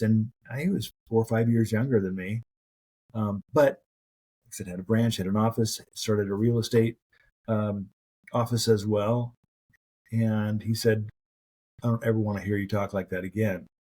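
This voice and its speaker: A middle-aged man with a husky, mellow voice pitched a little low. He speaks as a podcast guest, telling career stories in an earnest, anecdotal way. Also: poor audio. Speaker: podcast guest, mortgage professional. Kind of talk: casual interview talk.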